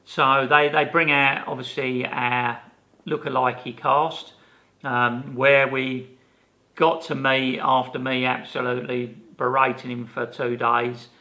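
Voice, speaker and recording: A man in his fifties, a podcast co-host, telling a lively anecdote in casual chat and acting out the people he quotes. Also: mid-range voice, takes it slowly.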